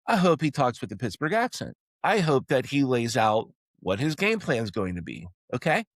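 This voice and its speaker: A man's voice: medium pitch, no echo. A man hosting a solo sports opinion podcast, talking emphatically and repeatedly tacking on "okay?" to drive his points home. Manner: rallying, pleading tone toward fans. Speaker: podcast host.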